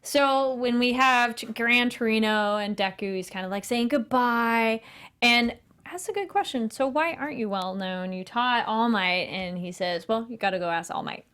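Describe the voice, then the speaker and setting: A woman hosting a casual anime review chat, talking fast and acting out lines from the show. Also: fairly high pitch, clear, resonant tone. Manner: chatty, animated, acts out quotes. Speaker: host.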